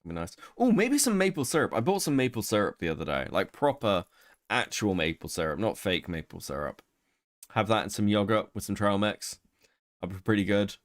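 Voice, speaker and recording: A man's voice: fairly low pitch, very animated, brisk, dry recording, clean studio sound. A young man chatting casually on a livestream, joking and swearing as he reads chat. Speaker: streamer co-host.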